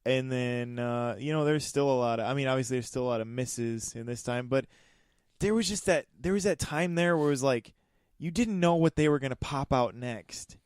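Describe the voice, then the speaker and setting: A man's voice: mid-range voice, moderate pace, a little mellow, clear, resonant tone, dry recording, studio quality. A man co-hosting a casual movie podcast, rambling through his thoughts with frequent restarts. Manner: rambling, restarts, laughs often. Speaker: podcast co-host.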